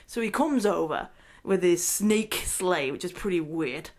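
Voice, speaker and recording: A woman recapping a movie in a rambling, excitable rant, often breaking into laughter mid-sentence. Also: lowish voice, unhurried. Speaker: movie reviewer.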